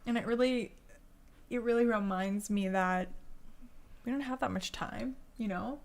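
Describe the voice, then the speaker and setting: A woman's voice: fairly high pitch, measured pace, creaky. A woman hosting a casual business-coaching podcast, chatty and storytelling, laughing often.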